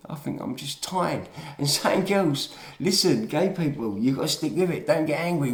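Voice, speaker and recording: A man's voice: on the high side, very animated, moderate pace, roomy sound. A man giving a rambling, emphatic monologue full of swearing and chatty asides. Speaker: video lecturer.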